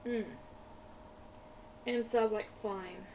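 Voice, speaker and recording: This woman's voice is on the high side and darkish, with vocal fry and a moderate pace. A craft vlogger, she rambles casually as she works, frequently laughing and repeating herself, recorded on a slightly distant mic with faint room noise in the background.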